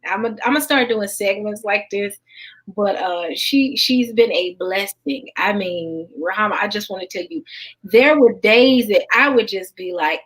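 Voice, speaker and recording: A woman with a Southern US accent hosting a casual late-night livestream chat in a lively, folksy way. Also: medium pitch, low-quality recording. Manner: lively, folksy, quick to laugh. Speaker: livestream host.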